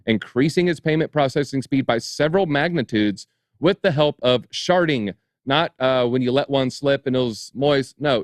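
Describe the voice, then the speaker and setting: A man's voice: mid-range voice, no room sound. A man co-hosting an online show, reading news articles aloud and dropping wry, sarcastic comments between passages. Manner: reads headlines, then adds dry sarcastic asides. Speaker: crypto show co-host.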